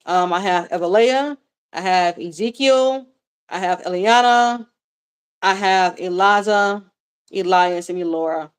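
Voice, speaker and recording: With a lowish, clean-toned voice and an unhurried pace, a woman in her thirties answers her viewers' questions during a casual live chat as a vlogger. Candid and chatty, she swears and uses fillers a lot, rambling and repeating things.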